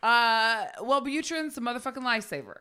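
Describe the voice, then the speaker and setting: Tipsy woman podcast cohost, kinda high bright voice, swoops all over, swears a lot, blunt jokes. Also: expressive, brisk, clear, resonant tone. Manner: blunt, profane, punchy put-downs. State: a little drunk. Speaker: podcast co-host. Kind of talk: casual comedic chat.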